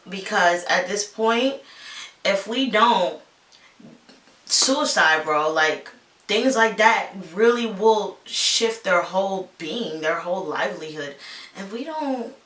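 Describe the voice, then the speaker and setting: Woman vlogger, low-pitched and emphatic, casual chat, roomy sound with faint hiss. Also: pushed and bright. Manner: earnest, emphatic, uplifting. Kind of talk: casual chat while getting ready. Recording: echoey room, mic at a distance, faint hiss.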